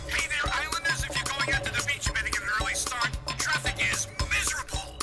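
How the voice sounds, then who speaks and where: A woman voicing a chirpy local radio traffic announcer, speaking in rushed announcer patter. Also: sits high, voice pushed up, close to an everyday voice. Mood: perky. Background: music.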